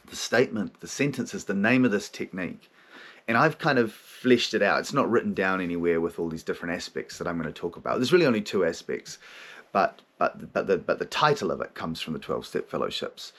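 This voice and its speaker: A man's voice: low voice, husky. A man hosting a spiritual podcast, talking frankly and casually, swearing freely. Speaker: podcast host.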